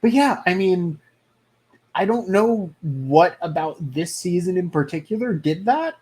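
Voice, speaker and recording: A podcast co-host in a casual recap who talks slowly and unhurriedly. The humor runs dry and sarcastic, with casual swearing along the way. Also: medium pitch, expressive, a little mellow.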